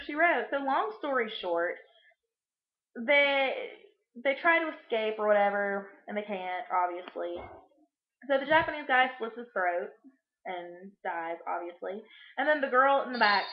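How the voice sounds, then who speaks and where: A young woman with a higher voice rambles through a crude, sarcastic movie recap, full of fillers. She is recorded in an echoey room. The sound is muffled and lo-fi. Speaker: vlogger. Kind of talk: casual movie recap vlog.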